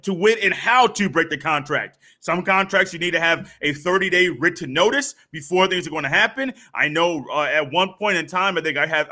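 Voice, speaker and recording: A young man hosting a sports podcast, talking casually and acting out little scenes with animated swings in pitch and pace. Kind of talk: casual monologue with storytelling.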